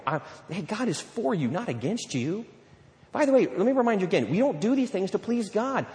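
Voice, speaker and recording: A male pastor preaching a sermon, lively and conversational, acting out little scenes and quotes as he goes. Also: high voice, a little fast. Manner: animated preaching with playful acted-out quotes. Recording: long hall reverb.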